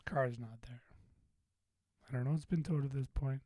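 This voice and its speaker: A man's voice: mid-range voice, moderate pace, dark tone, no echo. A man hosting a podcast, telling a story in a rambling, profane, self-deprecating way. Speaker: podcast host. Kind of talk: casual venting monologue.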